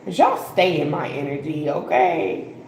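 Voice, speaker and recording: A woman's voice: deep voice, big pitch swings, a little slow, darkish tone, echoey room, slight background noise, low-quality recording. Chatty woman doing a live tarot reading. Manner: chatty, laughing, swearing, slangy asides. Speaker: tarot reader.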